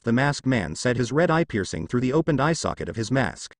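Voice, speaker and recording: A man reading fan fiction aloud as narrator in a steady storytelling way. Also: mid-range voice, fairly quick, few pauses, no echo, studio quality.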